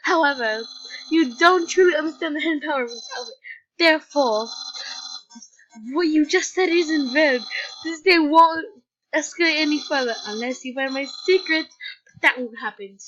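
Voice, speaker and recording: A proud, theatrical skeleton boasts in big declarations, voiced by a woman. The voice sits high and bright. The recording is muffled and lo-fi, with faint music underneath. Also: normal speed. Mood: smug. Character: loud boastful male skeleton.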